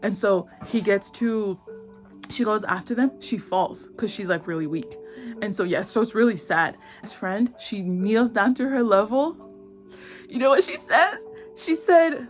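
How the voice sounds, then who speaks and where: A young woman casually retelling a drama plot in slangy, excitable talk, acting out lines in quick voices. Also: medium pitch, soft background music. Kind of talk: casual animated storytelling.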